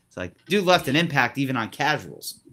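Male co-host, mid pitch, bright tone, easygoing wrestling chat. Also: big pitch swings, a little fast.

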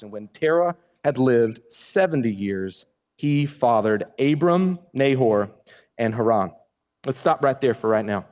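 A man's voice: fairly high pitch, a little mellow, big-room sound. A male pastor preaching a sermon in a church, casual and conversational, with joking asides to the congregation.

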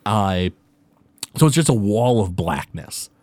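A man's voice: fairly low pitch, lively intonation, a little mellow. A man hosting and narrating a tabletop game as game master, talking with many fillers and restarts. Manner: filler-heavy, halting delivery.

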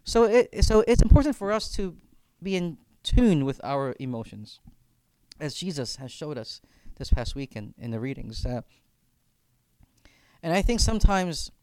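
A man's voice: fairly high pitch, lively intonation, unhurried, darkish tone, smooth, no echo. Earnest man guiding a faith talk. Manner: earnest, repeats words while thinking aloud. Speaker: campus minister. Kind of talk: reflective faith discussion.

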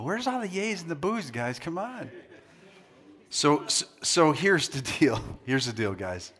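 A man's voice: on the high side, sing-song, a little slow, fairly bright tone. A male pastor preaching to a live congregation, playful and joking, drawing the crowd into call-and-response before turning earnest. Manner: shifts from jokey banter to earnest preaching. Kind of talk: sermon. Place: church hall with a live congregation.

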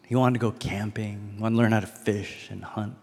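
A man's voice: lowish voice, fairly even intonation, normal speed, darkish tone, husky. A man giving a sermon as a pastor, in a casual storytelling manner that leans on rhetorical questions. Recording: long hall reverb.

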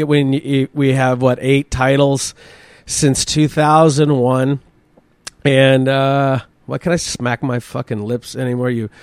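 A man's voice: medium pitch, dry recording. A man hosting his own comedy podcast, rambling and swearing freely as he riffs on news stories and his week. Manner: crude, rambling, swears often, laughs at himself. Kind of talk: casual solo podcast commentary.

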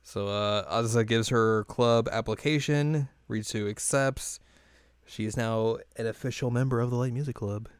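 A man casually recapping a show, animated and laughing often. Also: medium pitch, normal speed, clean tone, no room sound, studio quality.

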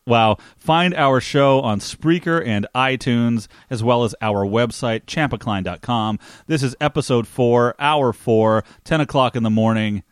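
A man's voice: mid-range voice, unhurried, few pauses, smooth, dry recording, studio quality. A young man co-hosting a casual podcast, chatty and rambling, laughing easily as he talks. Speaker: podcast co-host. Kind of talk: casual chat.

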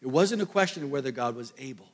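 A man preaching a sermon to a congregation, telling a Bible story with lively asides and jokes. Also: medium pitch, fast, long reverb tail. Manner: animated storytelling, jokey asides. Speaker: pastor.

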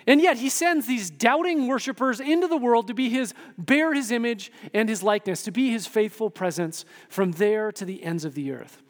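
A man pastor giving an animated sermon, often asking the room "right?" and acting out quotes. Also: high voice, a little fast. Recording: long hall reverb.

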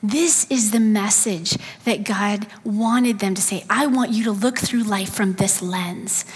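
Female preacher, husky tone, earnest sermon delivery with soft emphatic asides. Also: medium pitch, unhurried. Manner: earnest, acts out quoted complaints, drops to soft emphatic asides. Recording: long hall reverb.

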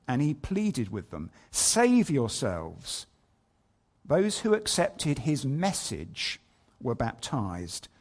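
A man preaching a sermon, telling a scripture story, reading verses aloud and asking his listeners rhetorical questions. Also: on the high side. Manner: asks many rhetorical questions.

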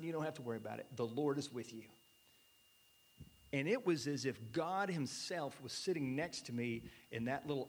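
An earnest male pastor in his thirties delivers a sermon in a slightly raised, husky voice. He often sinks into soft, breathy near-whispers to drive a point home. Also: on the high side. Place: church.

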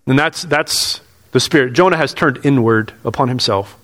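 A man earnestly preaches an expository sermon, repeating his phrases and putting questions to the congregation. His voice is medium-pitched and fairly bright, at a normal speed. A long hall reverb fills the recording.

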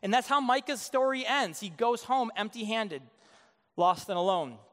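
A man's voice: sits high, normal speed, a bit bright, long reverb tail. A male pastor preaching a sermon in a casual, joking way, acting out the quotes in his story. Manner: conversational, joking, acts out quotes.

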